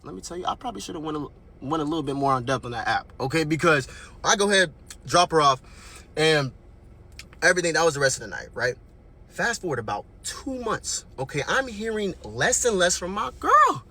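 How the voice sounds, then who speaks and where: A young man telling a storytime monologue in an animated, slangy way, often checking in with the listener. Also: a little high, a little fast. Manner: animated, slangy, keeps checking in with "right?" and "okay?". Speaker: vlogger.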